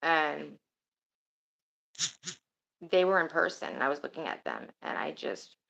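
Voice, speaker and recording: Rambling, lower-voiced woman streamer. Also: measured pace, gravelly, fairly bright tone, dull audio. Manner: rambling and chatty, swears casually. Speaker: streamer talking to her chat. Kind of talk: casual livestream chat.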